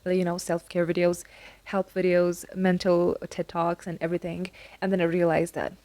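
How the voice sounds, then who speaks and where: A woman's voice: on the low side, monotone, normal speed, dark tone, dry recording. A young woman giving earnest, repetitive advice about college life, talking straight to the listener in a casual vlog. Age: young adult. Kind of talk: casual advice talk to camera.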